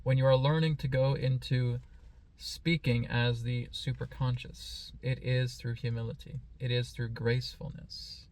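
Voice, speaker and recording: A man speaks as a spiritual teacher in a slow, calm, meditative way. His voice is gravelly and keeps an even, level pitch. He talks in a reflective, teaching manner. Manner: playfully mimics excited voices.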